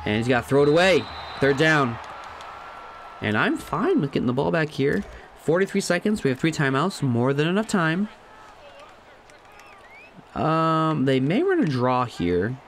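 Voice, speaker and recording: A man giving casual let's-play commentary on a football video game, chatty and thinking aloud, laughing at himself and jumping to loud shouts at big plays. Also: on the high side, sing-song, a little slow, long pauses, slight background noise. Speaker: gaming commentator.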